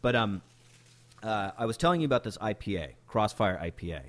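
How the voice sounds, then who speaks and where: Relaxed rambling male podcast host. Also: lowish voice, fairly quick. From US Pacific Northwest. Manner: relaxed, rambling with many fillers. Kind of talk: casual chat.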